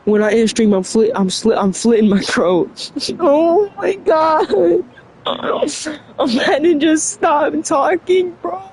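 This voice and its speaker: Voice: high voice, expressive, slow pace, a little mellow, a little hiss or hum. A young adult streamer chatting casually on a livestream, stumbling over words, laughing often and mocking themself. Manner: laughs often between lines.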